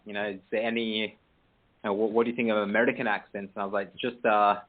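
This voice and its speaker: A British man hosting an online poetry radio show, chatting casually with many pauses and restarts. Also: on the low side, little pitch movement, a little hiss or hum. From Britain. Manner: hesitant, many ums and restarts. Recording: tinny phone-like line.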